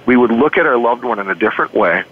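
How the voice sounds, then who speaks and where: A man's voice: medium pitch, animated, fast talker, husky. A man speaking as a life coach in an interview, earnest, telling a client story with many rhetorical questions and repeated words. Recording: phone-like narrow sound.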